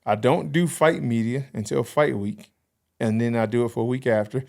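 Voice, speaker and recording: A man in his thirties, a podcast guest in casual conversation, telling animated stories and acting out quoted dialogue. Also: medium pitch, moderate pace, creaky. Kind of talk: casual interview chat.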